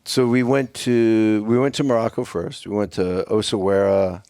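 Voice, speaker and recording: A man's voice: lowish voice, unhurried, smooth, dry recording, studio quality. A middle-aged man, a podcast guest, telling a profane story with lots of swearing and acted-out dialogue. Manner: animated, swearing, acts out dialogue.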